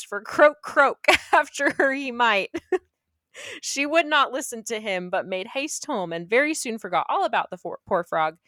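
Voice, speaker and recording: A woman's voice: a little high, fairly bright tone, dry recording. A young woman reading a fairy tale aloud and breaking off into playful, sarcastic jokes. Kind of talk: reading a story aloud with joking asides.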